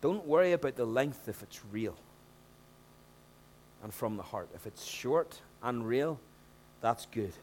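A male pastor delivers a sermon in a mid-pitched voice, lively and conversational, rising to loud emphatic bursts when he acts out scenes. A faint hum sits under the recording. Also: unhurried, long pauses.

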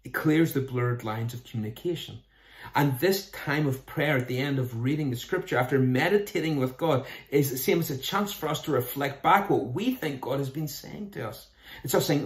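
A man's voice: medium pitch, moderate pace. A man, preaching a sermon in an earnest, conversational way, often posing questions to his listeners. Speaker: pastor. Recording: roomy echo.

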